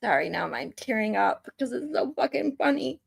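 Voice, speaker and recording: A woman's voice: fairly high pitch, big pitch swings, fairly quick, gravelly, slightly rough, dry recording. A woman hosting a casual commentary channel, giggling and swearing freely as she talks. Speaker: channel host reacting to trial footage.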